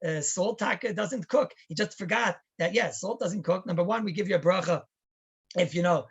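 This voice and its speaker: Husky-voiced rabbi giving a class. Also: male voice, high-pitched, normal speed. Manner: chatty, storytelling, asks rhetorical questions. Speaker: rabbi teaching a halacha class. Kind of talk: Torah class lecture.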